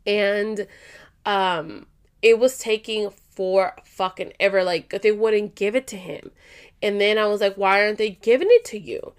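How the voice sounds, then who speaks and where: A young adult woman vlogger casually telling a story to her viewers, animated and profane, acting out what people said. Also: medium pitch, a little slow, clean tone. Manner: animated and profane, acts out quotes.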